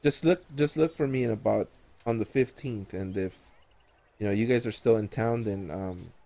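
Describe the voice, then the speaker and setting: A man's voice: on the low side, moderate pace, vocal fry, mellow. A man voicing a male inquisitor in a tabletop game, speaking formally with many halts. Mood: earnest. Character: officious male inquisitor, earnest.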